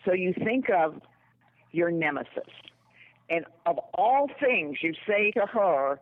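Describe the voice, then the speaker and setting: A woman who writes books, calling into a radio interview. She tells her stories slowly and earnestly. Her voice comes through a tinny, phone-like line. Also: low-pitched, lively intonation. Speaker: author and radio guest.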